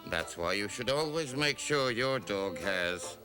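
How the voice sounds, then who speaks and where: A man delivering a deadpan comic monologue. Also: on the low side, a little slow, over music. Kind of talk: stand-up style comic monologue.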